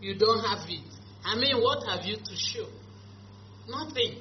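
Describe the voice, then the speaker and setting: A young woman telling her story in an excited, animated way. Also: medium pitch, unhurried. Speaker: beneficiary giving testimony. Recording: echoey room, dull lo-fi audio, faint hum.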